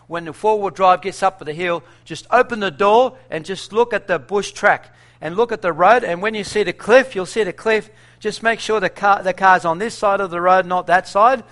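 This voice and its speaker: A middle-aged man spins a lively missionary tale for an audience. His voice sits a little high, and he acts out the dialogue with frequent chuckles. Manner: animated storyteller, acts out dialogue, laughs often. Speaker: missionary speaker. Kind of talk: storytelling talk to an audience.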